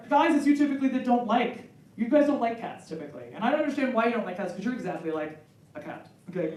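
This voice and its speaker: A woman in her forties doing a stand-up comedy set on a club stage, talking in an animated way and acting out bits in high, excited voices. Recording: roomy club sound from a distance with a loud crowd.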